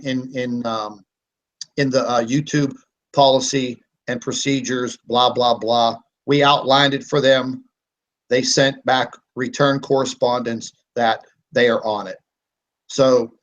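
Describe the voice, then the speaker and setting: A man's voice: mid-range voice, dull audio. A man hosting a live online hangout, talking in a defiant, combative rant with plenty of fillers. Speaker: host of a live online broadcast.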